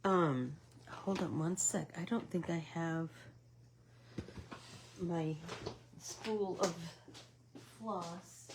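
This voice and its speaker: A middle-aged woman hosting a casual embroidery stitch-along livestream, chatting while she stitches and drifting into soft asides. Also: on the low side, drawn-out words, pauses often, noisy background.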